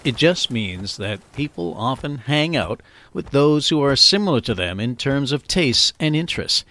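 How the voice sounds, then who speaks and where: A man's voice: mid-range voice, big pitch swings, moderate pace, sharp tone, slight background noise. A man hosting a scripted educational podcast, explaining phrases in a playful, jokey way. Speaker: podcast host.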